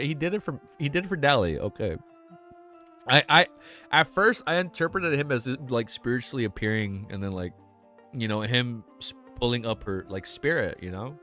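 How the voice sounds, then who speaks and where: A man streaming live, reading a novel aloud, stumbling over words and laughing at his own misreads, in slangy casual talk. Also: mid-range voice. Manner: casual, slangy, says man and dude a lot.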